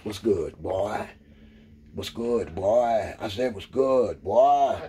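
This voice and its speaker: A man's voice: on the low side, takes it slowly, dark tone. A man doing a profane, preachy rant into the camera, hammering the same phrases over and over. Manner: repetitive, emphatic, preachy. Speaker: vlogger. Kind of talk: profane street-talk rant.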